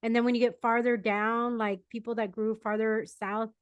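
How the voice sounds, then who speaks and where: A woman from San Diego with a fairly high voice hosts a relaxed podcast chat. She asks curious questions and laughs along easily, recorded dry and close with no room echo. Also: moderate pace, clean tone, muffled recording. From San Diego, United States. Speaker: podcast host. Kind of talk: casual interview chat.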